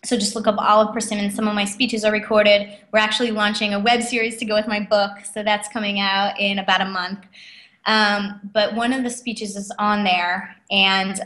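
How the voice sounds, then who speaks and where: A woman telling stories as an interview guest, lively and quick with lots of fillers. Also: mid-range voice. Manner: animated, quick, many fillers and acted quotes. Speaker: guest, author and speaker. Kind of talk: casual interview storytelling. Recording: echoey room.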